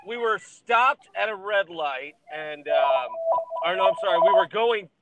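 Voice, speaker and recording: A man's voice: sits high, expressive, a little slow, a crowd in the background, poor audio. A middle-aged man, a podcast guest, telling rambling stories in casual chat. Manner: rambling anecdotes with fillers and restarts. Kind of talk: casual storytelling.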